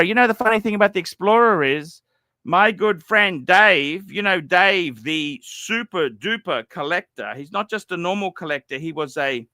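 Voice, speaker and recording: A livestream host on a watch stream goes on rambling, swearing and repeating himself, lurching from loud outbursts down to low mumbles. There is no echo on his voice.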